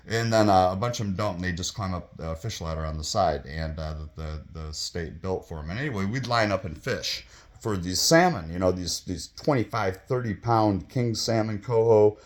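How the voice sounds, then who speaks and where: Deep-voiced man in his fifties rambling. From Michigan, US. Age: 50s. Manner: rambling, profane, with many fillers and bursts of excitement. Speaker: vlogger telling his own stories. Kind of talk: casual storytelling monologue.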